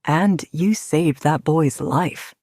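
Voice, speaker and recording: A woman narrator voicing a confident, protective young male werewolf alpha, speaking in a firm, steady, lowered voice. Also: slow, no room sound, studio quality. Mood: earnest, firm.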